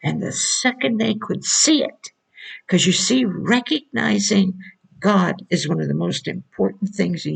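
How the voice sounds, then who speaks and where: A woman's voice: on the low side, vocal fry, husky, poor audio. A woman preaching informally to a video audience, insistent and repeating rhetorical questions.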